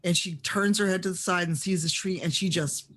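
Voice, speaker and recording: Casual, rambling man player, higher voice. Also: steady tone, brisk, a bit bright.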